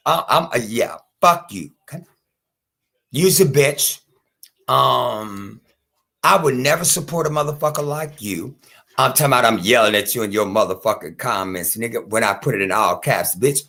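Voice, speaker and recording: A man's voice: mid-range voice, moderate pace, vocal fry, sharp tone. A man hosting his own stream, ranting off the cuff to his viewers with heated, profane asides aimed straight at a critic. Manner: chatty asides to his audience. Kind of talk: unscripted rant to viewers.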